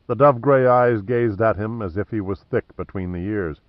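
A man narrating an audiobook in a measured, even way. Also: fairly low pitch, dry recording, dull audio. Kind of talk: scripted narration.

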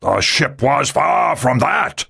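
A man's voice: mid-range voice, normal speed, vocal fry, fairly bright tone, pitched above the performer's own voice. A man doing a furious, blunt navy admiral. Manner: thundering, blunt. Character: angry male naval admiral, commanding.

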